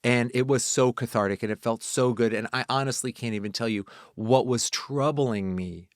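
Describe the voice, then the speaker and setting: A man's voice: moderate pace, no room sound, clean studio sound. A man, a voice actor and director, telling a personal story in casual conversation, acting out other people's lines as he goes. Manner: animated storyteller who acts out quotes in high voices.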